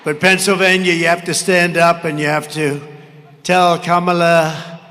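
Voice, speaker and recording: A man in his seventies giving a rambling campaign rally speech at a podium microphone, brash and mocking, shouting some lines. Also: a little high, flat delivery, unhurried. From United States. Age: 70s. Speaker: political candidate at a rally. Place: large arena. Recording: reverberant arena with faint crowd noise.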